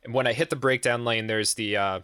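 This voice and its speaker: Brief: male podcast host, casual profane storyteller, mid-pitched, dry close sound. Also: a little fast, smooth, dry recording. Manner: profane, animated, acts out quoted voices.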